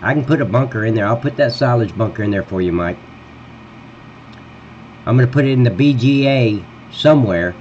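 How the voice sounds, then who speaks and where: A man's voice: mid-range voice, animated, a little fast, pauses often. A man live-streaming a farm game, swearing at the game and then chatting easily with his viewers. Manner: swears and grumbles at the game, then talks warmly to chat. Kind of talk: casual live-stream chat while modding a farm game. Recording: dull lo-fi sound with faint hum.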